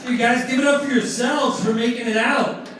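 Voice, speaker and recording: A man's voice: very high voice, steady tone, moderate pace, distant mic, over loud music. A man in his forties from New Jersey doing a profane, self-mocking stand-up set. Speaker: stand-up comedian. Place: comedy club stage. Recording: echoey club room, mic heard from afar with crowd noise.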